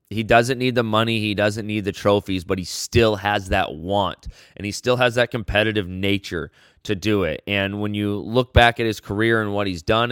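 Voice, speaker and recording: A man's voice: lowish voice, a bit bright, clean tone, dry recording, clean studio sound. A man hosting a solo sports podcast, talking in a loose conversational way with frequent restarts. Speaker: podcast host.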